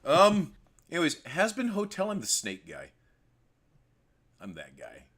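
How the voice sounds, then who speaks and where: A man's voice: fairly high pitch, wildly swooping pitch, unhurried, a bit bright. A man co-hosting a podcast, reacting in a laid-back way and stammering a little as he chats. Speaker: podcast co-host. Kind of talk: casual chat.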